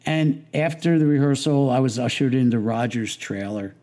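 An interview guest who is an older lighting designer speaks at normal speed in a dark, mid-range voice. His anecdotes are casual and loosely rambling, marked by restarts, fillers, and wise-guy jokes.

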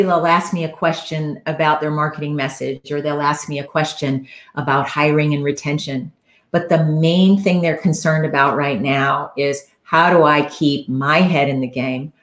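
A woman's voice: low voice, echoey room. A woman coach giving an earnest, conversational solo talk on a live stream, with frequent fillers.

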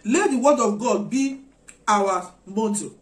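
A woman's voice: a little high, lively intonation, slow. A woman preaching a sermon, urging her listeners with earnest, repeated exhortations. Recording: echoey room.

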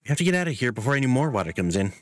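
Un homme qui joue une jeune détective calme et bienveillante, en lisant les dialogues d'un jeu vidéo. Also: male voice, mid-range voice, rapid-fire, faint music behind, natural voice. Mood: calm. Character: calm young woman detective, steady and kind. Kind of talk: reading a game's dialogue aloud.

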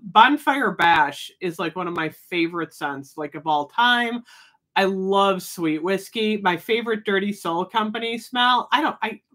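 A woman hosts a relaxed live chat, talking to her viewers and answering their comments as they come in. Her voice sits at an ordinary pitch, and she laughs easily between remarks. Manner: chatty, reading viewer comments, laughs often. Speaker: livestream host.

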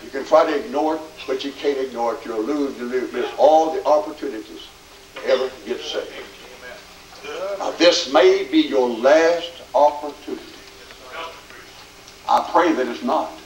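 A man preaching a revival tent sermon, fervent and swinging from near-shouting to hushed tones. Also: mid-range voice, normal speed, pauses often. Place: large tent meeting. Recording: echoey, distant, faint ambience.

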